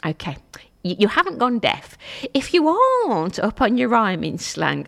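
A woman's voice: on the high side, wildly swooping pitch, normal speed, vocal fry, fairly bright tone. A woman from Stoke-on-Trent presenting a radio show, chatting casually and mocking herself as she tells stories. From Stoke-on-Trent, England. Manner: chatty, self-mocking, storytelling.

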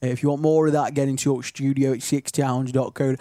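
A man's voice: medium pitch, flat delivery, a little fast, warm tone, dry recording. A man from Stoke-on-Trent with a local Stoke accent, chatting casually and rambling between songs as a radio DJ in a studio. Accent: Stoke-on-Trent English. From Stoke-on-Trent, England. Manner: chatty, rambling, self-deprecating. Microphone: studio microphone.

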